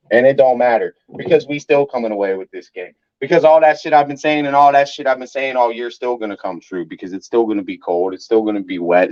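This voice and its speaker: A man's voice: low-pitched, a little mellow, muffled recording. A man, angrily ranting on a live stream as a sports fan and swearing often. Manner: angry, profane ranting.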